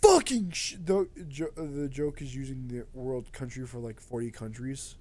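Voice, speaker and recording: A man's voice: mid-range voice, moderate pace. A young man streaming a game, rambling and swearing freely in casual chat with a friend. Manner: rambling, excitable, swears a lot.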